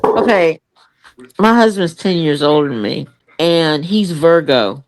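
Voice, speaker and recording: A comedian guest, an older woman with a low voice, speaks a little slowly during an interview. Her candid, profane stories come alive as she acts out the people in them and voices their quotes.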